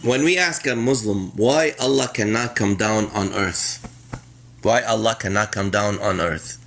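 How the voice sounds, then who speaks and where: A man hosting a casual group chat, animated and joking, repeating his points. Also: lowish voice, a little slow, a little hiss or hum. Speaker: host.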